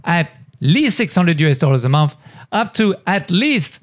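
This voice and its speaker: A man's voice: high voice, very animated, normal speed. A man from France hosting a YouTube channel, chatting casually and enthusiastically, rambling and repeating himself. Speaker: YouTube host. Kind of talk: casual commentary.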